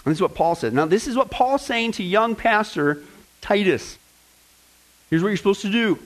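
A male pastor preaching a lively sermon, joking and talking straight to his congregation. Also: sits high, moderate pace, low-quality recording. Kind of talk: sermon with fill-in-the-blank notes.

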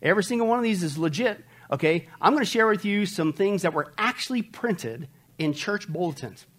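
A man preaching a sermon, joking with the congregation, reading funny lines aloud, laughing and shouting now and then. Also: sits high, animated, a little fast. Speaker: pastor. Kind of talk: humorous sermon.

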